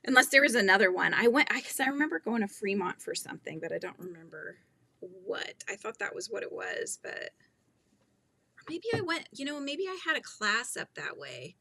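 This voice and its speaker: A woman's voice: mid-range voice, very animated, fairly quick, creaky, sharp tone. A woman with a Californian accent hosting a casual livestream, chatting, giggling and reading viewer comments aloud. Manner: chatty, giggly, trails off mid-sentence. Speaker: crochet livestream host.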